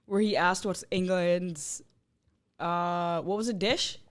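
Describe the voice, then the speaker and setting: A woman's voice: fairly low pitch, fairly even intonation, slow pace. A young woman from Canada, a podcast co-host chatting casually with a giggly, amused manner.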